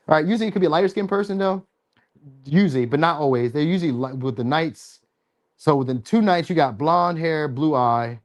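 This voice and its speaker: Man, tarot vlogger, slightly high voice; casual, profane, playful, with squeaky mock voices. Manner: loose, profane, joking delivery; slips into high-pitched mock voices when quoting. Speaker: tarot reader. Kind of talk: casual tarot reading vlog.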